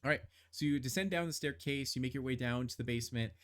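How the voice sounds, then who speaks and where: A man's voice: medium pitch, quick pace, fairly bright tone. A man running a tabletop game as game master, narrating loosely with many fillers and restarts. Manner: rambling, filler-heavy narration.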